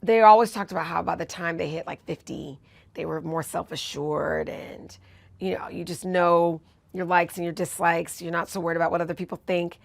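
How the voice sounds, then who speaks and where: A woman's voice: fairly low pitch, normal speed, vocal fry. A woman in her forties, a TV news host and author, telling personal stories in an interview in an earnest, reflective way. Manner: earnest, reflective, animated when retelling moments.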